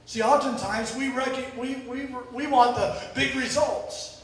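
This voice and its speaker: A man preaching a sermon, telling stories and moving between sudden shouts and quiet drops, often repeating words as he restarts. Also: very high-pitched, fairly even intonation, unhurried. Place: church. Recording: echoey hall from far off.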